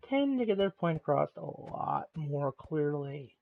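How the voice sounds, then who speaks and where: Gravelly man ranting calmly, tinny sound. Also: on the high side. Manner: angry but deliberately calm and measured. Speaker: live game streamer. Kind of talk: ranting monologue on a live stream.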